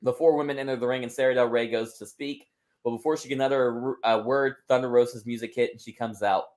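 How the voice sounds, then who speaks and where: A man's voice: mid-range voice, fairly even intonation, quick pace, darkish tone. A man hosting a wrestling podcast, casually narrating a made-up wrestling storyline with his friends.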